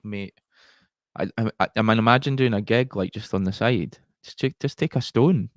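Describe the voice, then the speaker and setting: A man's voice: on the low side, moderate pace, dry recording. Man chatting in a dry room. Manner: laughing, reacting with short interjections. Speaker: podcast guest. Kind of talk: casual chat.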